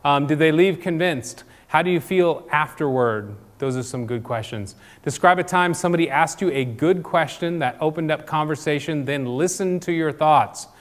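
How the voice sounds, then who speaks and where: A man leading an informal church group talk, posing questions and filling gaps with ums and restarts. His voice sits fairly high for a man. A long reverb trails each phrase in the hall. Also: moderate pace, few pauses. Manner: conversational, many fillers and restarts, asks questions.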